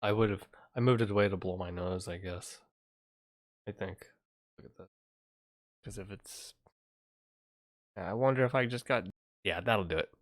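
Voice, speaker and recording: A man's voice: fairly low pitch, normal speed, pauses often. A man chatting casually on his livestream, mumbling and thinking aloud as he fixes his audio at a desk microphone.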